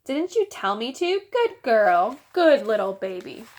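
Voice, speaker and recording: Brief: woman reading as a wheedling preschool boy, lilting and high. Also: big pitch swings, a little slow, a little mellow. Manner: sugary pleading little-boy voice, sing-song.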